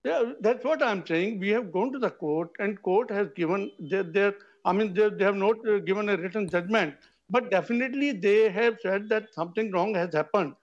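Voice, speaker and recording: A man's voice: sits high, normal speed, dull audio. A middle-aged Indian man, a doctor on a TV debate panel, talking insistently and repeating himself to hold the floor. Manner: insistent, talks over others, repeats himself. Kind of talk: heated TV debate.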